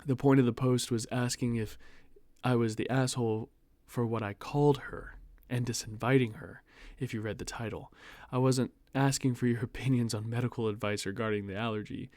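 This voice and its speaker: A man's voice: medium pitch, fairly even intonation, normal speed, a little mellow, no room sound. A young American man reads an online post aloud and breaks in with sarcastic, mocking asides in a casual commentary. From United States. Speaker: host reading online posts.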